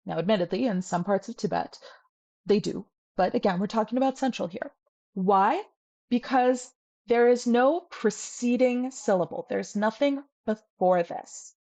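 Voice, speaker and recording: Woman, lecturer, playful and explanatory, mid pitch. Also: a little slow, darkish tone. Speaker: language teacher.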